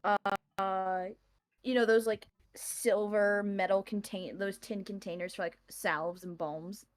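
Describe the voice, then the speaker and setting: A woman's voice: medium pitch, steady tone, takes it slowly. A woman playing in a tabletop game, describing her character's actions in a giggly, rambling way. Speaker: player. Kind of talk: tabletop role-play narration.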